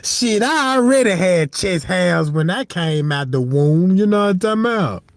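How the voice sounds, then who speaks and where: This man hosts a livestream, his high, animated voice moving at a moderate pace with no room sound. He tells a rambling comic story, laughing often and repeatedly asking "you know what I'm talking about".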